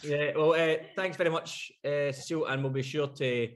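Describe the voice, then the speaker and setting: A man co-hosting a podcast in casual chat, rambling quickly, laughing often and swearing casually. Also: on the high side, steady tone. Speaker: podcast co-host.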